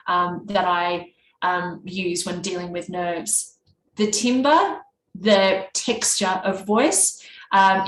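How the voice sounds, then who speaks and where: Nasal Australian woman giving a workshop talk. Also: mid-range voice. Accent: Australian East Coast. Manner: can be monotone; conversational, with fillers and restarts. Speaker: workshop presenter. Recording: echoey room with faint background noise.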